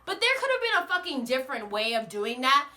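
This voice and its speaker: A young American woman ranting casually to camera, animated and profane, full of exasperation. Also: sits high, fast talker. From United States. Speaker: vlogger.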